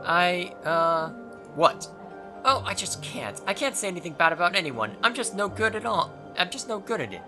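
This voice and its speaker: A man's voice: high voice, very animated, moderate pace, over music, voice pushed up. A man voicing a timid, sweet young woman who is eager to please, in a fretful, apologetic manner.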